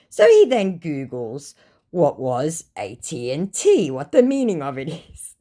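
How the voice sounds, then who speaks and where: An Australian woman in a vlog recounts her chats with a scammer, voice bouncing lively up and down. She is dry and sarcastic, with deadpan asides. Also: deep voice, unhurried. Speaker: scam-baiting vlogger. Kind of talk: casual sarcastic narration of chat messages.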